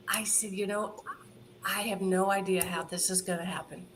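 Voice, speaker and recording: A woman in an interview telling her charity's story in an animated way, laughing often and quoting what others said. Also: medium pitch, normal speed, slight background noise. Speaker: charity founder guest.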